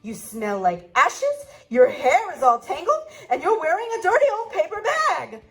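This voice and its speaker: A woman's voice: very high-pitched, wildly swooping pitch, moderate pace, fairly bright tone, exaggerated voice. Woman doing a snooty storybook prince. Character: snobby, ungrateful young prince.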